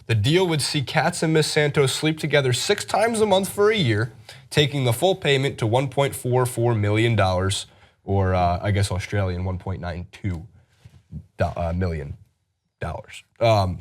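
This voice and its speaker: A man's voice: fairly low pitch, moderate pace. A man hosting a sports news chat show, talking through a story in a casual, wry way with lots of fillers. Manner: wry, joking delivery with frequent fillers.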